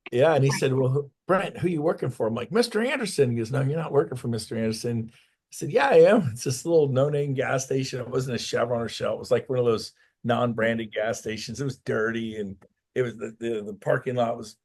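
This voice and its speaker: A man's voice: mid-range voice, fairly even intonation, fairly quick, darkish tone, slightly rough. A middle-aged man, a real estate coach, telling a personal story in a casual interview and acting out the voices of the people in it.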